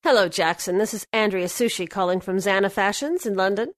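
A woman's voice: mid-range voice, brisk, dry recording, close to an everyday voice. A woman voicing a polite businesswoman on a phone call in scripted lesson dialogue. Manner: polite, careful phone manner.

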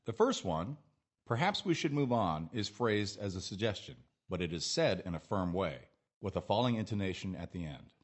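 Male lesson narrator, husky low voice with lively intonation, measured delivery. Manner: clear, measured, modelling phrases for repetition. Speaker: English teacher narrator.

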